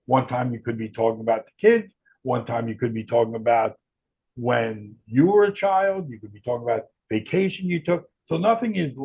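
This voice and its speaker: A gravelly, husky-voiced man talks at an even middle pitch as an interview guest, explaining things in a loose, rambling way. The audio is dull and lo-fi. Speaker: guest, tech founder.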